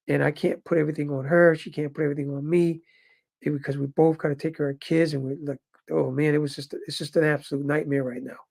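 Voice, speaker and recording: A man in his fifties telling his viewers a story in a casual, animated way and calling them brothers. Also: on the high side, vocal fry. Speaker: vlogger living in Japan.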